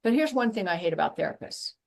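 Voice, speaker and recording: A woman guest, once a professor, speaking in a blunt, emphatic and animated way in a passionate interview conversation. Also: lowish voice, quick pace, vocal fry. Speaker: guest, former professor and intuitive.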